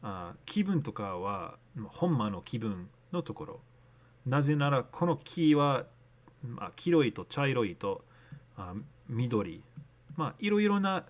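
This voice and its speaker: A man casually streaming a map-guessing game, thinking aloud and switching between English and learner Japanese. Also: mid-range voice. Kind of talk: casual live-stream commentary.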